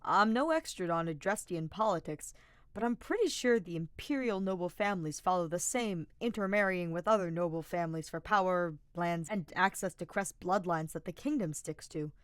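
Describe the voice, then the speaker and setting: A woman reading a fan-fiction audiobook, voicing an excitable young male paladin who gushes and gasps. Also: moderate pace, smooth, no room sound, clean studio sound, natural voice. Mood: curious. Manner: eager, gasping, squeaky.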